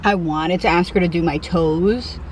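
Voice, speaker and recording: A woman's voice: fairly low pitch, moderate pace, darkish tone, slight background noise, rough recording. Chatty woman eating in a parked car. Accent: Connecticut. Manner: chatty and self-deprecating, eating between remarks. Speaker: mukbang vlogger. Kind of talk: casual eating vlog chat.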